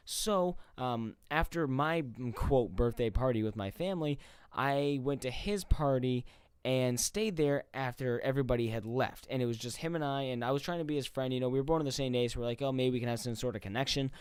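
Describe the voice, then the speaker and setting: A man's voice: mid-range voice, brisk, smooth, no room sound. A man in his twenties telling a story to his viewers in a casual, profane, laid-back way. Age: 20s. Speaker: gaming YouTuber.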